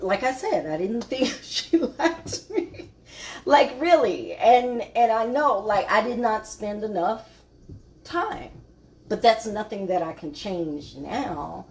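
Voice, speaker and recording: A woman's voice: mid-range voice, slight background noise. A woman, hosting a casual live cooking stream in her home kitchen, chatting with viewers and trailing off with fillers. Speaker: cooking show host.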